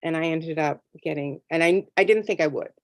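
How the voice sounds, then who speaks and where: Animated woman telling stories, dry sound. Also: deep voice, a little fast, dry recording. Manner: animated storyteller, acts out her own reactions. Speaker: tarot deck artist and guest. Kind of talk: casual interview storytelling.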